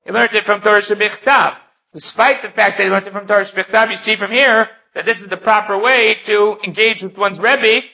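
High, gravelly male Talmud teacher. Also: steady tone, fairly quick, sharp tone. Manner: reads Hebrew and Aramaic text then explains in English. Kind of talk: Talmud lesson. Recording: dull lo-fi recording.

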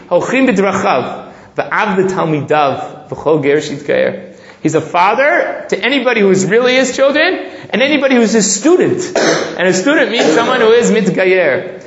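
Man giving an animated Torah class. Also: high voice, roomy sound, muffled recording. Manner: reads Hebrew text aloud then explains in English, growing excited. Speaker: Torah teacher. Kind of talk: text-based Torah class.

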